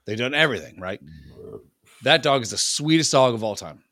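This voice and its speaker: A man's voice: mid-range voice, brisk, no echo, clean studio sound. A man from Southern Illinois co-hosting a podcast, bantering casually and swearing freely. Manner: lively, profane banter. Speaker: podcast co-host. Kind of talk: casual chat.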